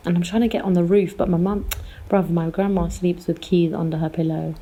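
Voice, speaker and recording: A young woman, co-hosting a casual podcast chat and telling animated, slangy stories. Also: lowish voice. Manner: animated storyteller, slangy and quick. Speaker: podcast co-host. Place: calling in from abroad.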